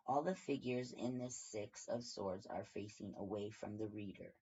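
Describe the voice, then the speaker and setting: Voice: mid-range voice, normal speed, few pauses, mellow, breathy edge. A tarot reader giving a casual daily reading from home, rambling and thinking aloud with many fillers. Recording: dull lo-fi recording.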